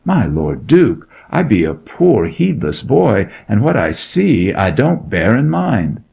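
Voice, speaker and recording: A man's voice: lowish voice, sing-song, takes it slowly, gravelly, a little mellow, husky, heavily acted. A man reading a story aloud, voicing a timid young shepherd boy who pleads in a frightened country dialect. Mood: wary.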